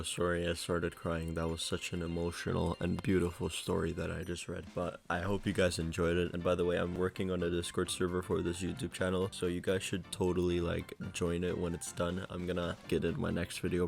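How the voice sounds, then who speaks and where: A man's voice: low voice, creaky, darkish tone. A man reading a silly fan fiction aloud in a mock-serious way, breaking off into slangy chat with his viewers. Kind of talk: comic read-aloud and casual chat to viewers.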